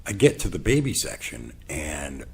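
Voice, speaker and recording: A man hosting his own show, telling a personal story in an animated way and acting out the dialogue. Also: a bass voice, moderate pace, vocal fry, slight background noise. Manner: animated, acts out quoted dialogue. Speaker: podcast host.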